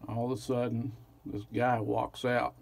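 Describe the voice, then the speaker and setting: A hunter outdoors in a deer blind, telling a story to camera in a low-key, dry way. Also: male voice, flat delivery, unhurried, vocal fry.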